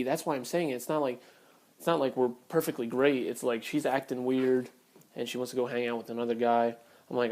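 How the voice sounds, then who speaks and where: A man's voice: medium pitch, steady tone, normal speed, darkish tone. A man telling a personal story on camera in a blunt, profane, heated way. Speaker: vlogger. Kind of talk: casual storytelling rant.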